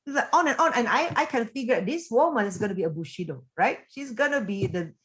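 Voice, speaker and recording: A woman giving a motivational coaching talk over a video call, animated and chatty, full of fillers and quick laughs. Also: a little high. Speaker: business coach and team leader.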